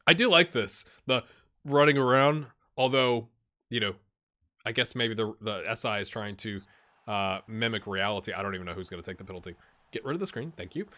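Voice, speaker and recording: A man's voice: on the low side, brisk, bright, forceful tone. A man casually commenting on his football management game, rambling and chatty, often calling his viewers "my friends". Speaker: gaming YouTuber. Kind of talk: casual let's-play commentary.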